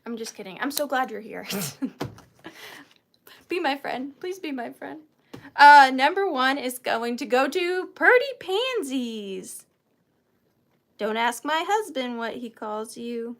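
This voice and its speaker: A woman's voice: high voice, fairly bright tone. A woman hosting a live online auction, chatting playfully and joking at her own expense. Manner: chatty, playful, self-mocking; counts down bids aloud.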